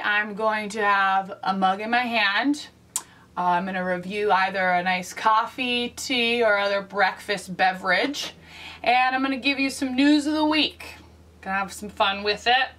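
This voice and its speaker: A woman hosting her own casual vlog in a wry, deadpan way, tossing off dry asides. Her voice sits at an ordinary middle pitch. It is heard from a little distance off the microphone. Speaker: vlog host.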